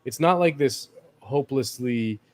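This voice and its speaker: A man chats casually about politics as a co-host. His pitch is ordinary and middling. He rambles and keeps restarting his sentences with filler words. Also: unhurried.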